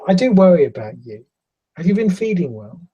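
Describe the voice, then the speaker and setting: A man voicing a bubbly, teasing young girl in a tabletop game, with a high, fussing voice. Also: big pitch swings, brisk, mellow, muffled recording. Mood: coaxing.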